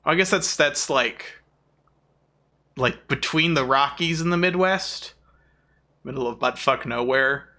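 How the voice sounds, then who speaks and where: A man's voice: mid-range voice, takes it slowly, long pauses, bright, forceful tone. A man from the southern United States with a mild southern accent, chatting casually and rambling while streaming a game and reading chat aloud.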